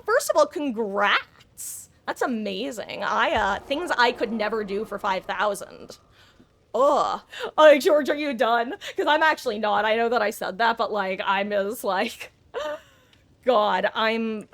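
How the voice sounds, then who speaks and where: A woman's voice: medium pitch, a bit bright. A woman streaming a game live, chatting with viewers in a rambling way, often stammering and restarting when frustrated. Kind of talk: live gaming stream chat.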